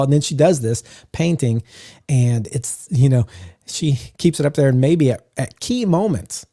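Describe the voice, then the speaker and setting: A man co-hosting a podcast about game mastering, talking in a relaxed, musing way with lots of "uh" fillers, close to the mic. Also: mid-range voice, a little slow, no echo. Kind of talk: casual podcast chat.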